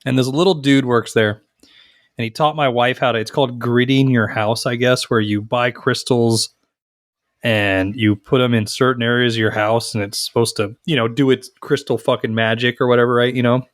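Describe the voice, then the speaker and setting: A man's voice: medium pitch, normal speed, dry recording, studio quality. A man co-hosting a podcast, telling stories in casual banter, swearing freely and acting out other people's lines. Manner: profane, animated, acts out others' lines. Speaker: podcast co-host.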